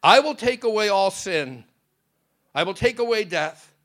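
Satan, a cornered male fallen angel, protests in a raised, strained voice that stumbles over its words and climbs into shrill indignation. A preacher puts him on while telling a dramatic sermon story. The tone is childish and pleading rather than menacing. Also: animated, unhurried, fairly bright tone. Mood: indignant.

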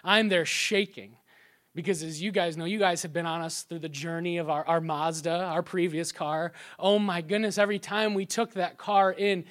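A young man preaches to his congregation in a fairly high voice. He tells his stories with animated energy. When he quotes someone, he drops to a soft hush. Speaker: pastor. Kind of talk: sermon.

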